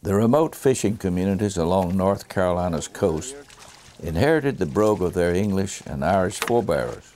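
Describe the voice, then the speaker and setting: A man narrating a documentary in a measured, unhurried way. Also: low-pitched, animated, darkish tone. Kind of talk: scripted narration.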